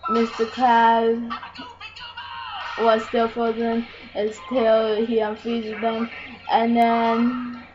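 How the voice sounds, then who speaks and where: Slow, rambling woman retelling a film. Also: a little high, completely flat delivery. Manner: rambling, chains clauses with "and then", frequent ums. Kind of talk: casual retelling of a film plot. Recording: dull lo-fi home recording with music behind. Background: music playing clearly.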